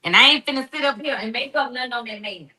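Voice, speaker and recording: A woman's voice: on the high side, quick pace, bright, forceful tone. A middle-aged woman in a heated, emphatic monologue, confronting someone with slang and preachy turns. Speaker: guest responding to critics.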